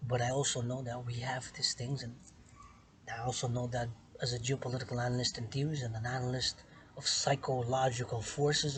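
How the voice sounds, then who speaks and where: A man giving a rambling monologue as a vlogger, repeating himself and swinging between loud stresses and hushed whispers, recorded outdoors. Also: medium pitch, slight background noise, poor audio. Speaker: vlogger philosophizing to camera. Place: outdoors in the sun on an island.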